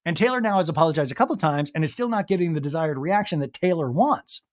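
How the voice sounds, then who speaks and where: Guy doing a gossipy reality tv recap podcast, slightly high voice, acts out everyone's lines. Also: quick pace, dry recording, studio quality. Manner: animated, acts out cast members' lines in put-on voices. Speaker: podcast host.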